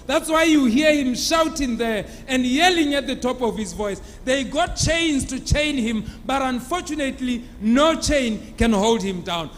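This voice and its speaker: A man's voice: very high voice, expressive, a little slow, few pauses, a bit bright, slight background noise. A man preaching a sermon, retelling a Bible story with dramatic storytelling and acting out the characters. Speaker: pastor. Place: church hall. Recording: long church hall reverb.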